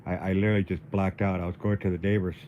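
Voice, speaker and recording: A man livestreaming in a casual, halting way, dizzy and weak, often repeating his words. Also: deep voice, level tone, phone-quality sound, slight background noise. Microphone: phone.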